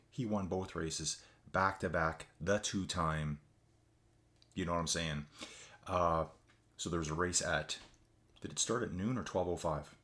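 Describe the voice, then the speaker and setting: A tired man hosting a casual live stream, chatting loosely with viewers and calling them folks. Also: low-pitched. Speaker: livestream host. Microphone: desk mic with adjustable gain.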